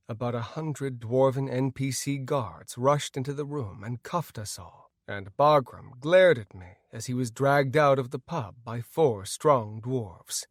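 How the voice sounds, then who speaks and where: A man reading a first-person fantasy audiobook in an expressive, action-driven style. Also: medium pitch, a little slow, few pauses, no echo, clean studio sound. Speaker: audiobook narrator.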